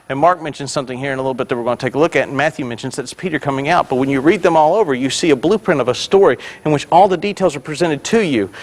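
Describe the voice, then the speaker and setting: Preaching with energy, this male pastor swells in volume on the main points and tosses in jokes for the congregation. His voice has a medium pitch.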